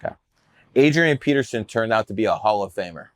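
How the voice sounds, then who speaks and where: A man's voice: fairly low pitch, animated, fairly quick, no echo. A man telling stories about his numerology career in a brash, profane, boastful way on a podcast. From Cleveland area, USA. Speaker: numerologist guest. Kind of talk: casual podcast storytelling.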